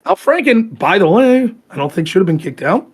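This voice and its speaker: A man's voice: high voice, sing-song. A man hosting his own talk show, ranting heatedly about politics with plenty of swearing and mocking asides. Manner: profane, fired-up, talks in rapid bursts and mimics opponents. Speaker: show host.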